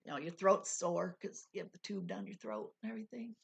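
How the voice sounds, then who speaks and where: A woman's voice: on the low side, fairly quick, creaky, slightly rough. A woman in her forties telling viewers a personal story in casual talk, acting out what people said and dropping into whispers. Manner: animated retelling, acting out quotes, drops to whispers. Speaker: vlogger.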